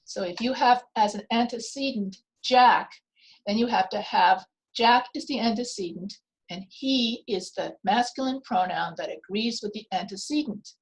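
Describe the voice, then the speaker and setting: A woman teaching a grammar lesson, explaining slowly and deliberately with repeated example sentences. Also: a little high, poor audio. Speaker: writing teacher.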